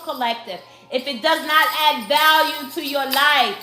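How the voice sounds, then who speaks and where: A woman from Brooklyn with a New York accent, giving a spiritual tarot card reading to her viewers in slow, emphatic speech that addresses them as the collective. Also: high-pitched, bright, forceful tone. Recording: echoey room with faint music.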